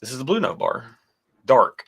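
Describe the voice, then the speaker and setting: A man's voice: medium pitch, very animated, normal speed, creaky, a bit bright, breathy edge. A man co-hosting a casual whiskey tasting livestream, chatting and reading viewer comments aloud. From United States. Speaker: whiskey show co-host.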